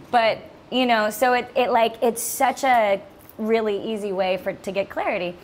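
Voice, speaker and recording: A woman's voice: on the high side, steady tone, normal speed, slight background noise. A woman talking as a podcast guest in casual chat, acting out her own thoughts in a lifted voice and laughing often. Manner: laughs often, many fillers like "like".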